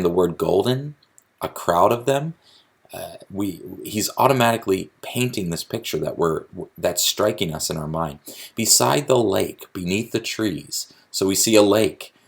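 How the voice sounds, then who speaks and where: Low, gravelly-voiced man teaching. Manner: explanatory, with frequent restarts and fillers. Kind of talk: recorded lecture on poetry.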